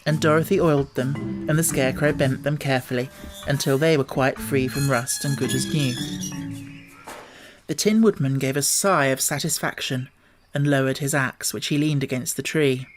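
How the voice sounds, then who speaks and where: A man's voice: fairly high pitch, normal speed, faint music behind. Man reading a storybook aloud. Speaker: audiobook narrator. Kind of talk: scripted narration.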